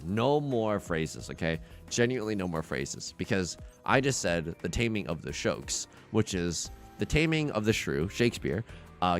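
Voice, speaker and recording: A young man giving live game commentary to his chat, jokey and animated, often stumbling and repeating words. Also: sits low. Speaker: streamer.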